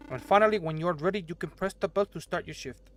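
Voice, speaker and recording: A formal, stern elderly restaurant owner explains the kitchen in an exaggerated put-on accent, as a man reads the game's dialogue aloud. The voice sits a little high for a man. A faint hiss runs behind it. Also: fast talker, close to an everyday voice. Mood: instructive. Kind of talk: reading game dialogue aloud.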